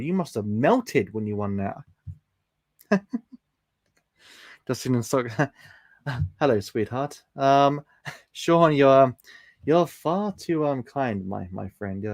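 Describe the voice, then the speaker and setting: A man's voice: mid-range voice, no room sound, clean studio sound. Chatty man on a live stream. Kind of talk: casual live-stream chat, reading out viewer comments.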